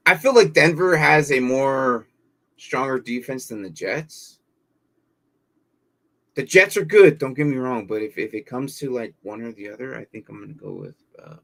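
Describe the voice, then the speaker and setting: Creaky and a bit bright, this man's medium-pitched voice carries a casual live stream. As host, he answers viewers' fantasy football questions, thinking out loud with a lot of fillers and repeated words.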